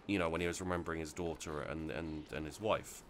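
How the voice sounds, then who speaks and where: Deep-voiced man rambling over gameplay. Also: steady tone, fairly quick, a little hiss or hum. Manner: rambling, many restarts and fillers. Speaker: let's play host. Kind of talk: casual gameplay commentary.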